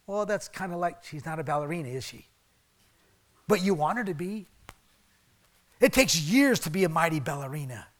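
A man preaching a sermon in a conversational way, swinging from emphatic bursts down to soft, hushed asides. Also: fairly high pitch, lively intonation, normal speed, long pauses. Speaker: pastor.

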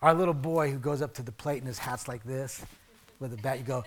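A man preaching a sermon in a conversational way, swinging from emphatic bursts down to soft, hushed asides. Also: medium pitch, a little fast. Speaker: pastor.

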